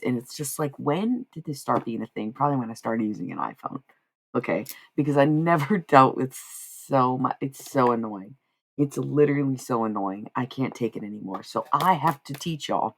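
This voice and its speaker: A woman's voice: very deep voice, gravelly, husky. An American woman in her thirties chatting casually and wryly with her live stream chat, rambling and swearing. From United States.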